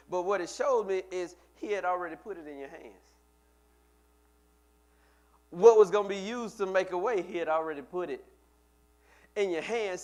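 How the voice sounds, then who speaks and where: Fairly high-voiced man preaching a sermon. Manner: conversational preaching, repeats words, talks to the congregation. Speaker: pastor.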